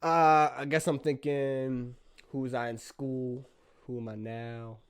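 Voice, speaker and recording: A young man hosting a casual solo podcast, rambling playfully in slangy talk that jumps now and then into loud bursts. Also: mid-range voice, flat delivery, takes it slowly, clear, resonant tone, no room sound, studio quality. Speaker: podcast host.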